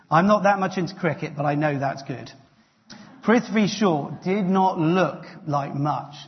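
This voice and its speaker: A man preaching a sermon in a conversational, lightly humorous way. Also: on the high side. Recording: dull sound with long hall reverb.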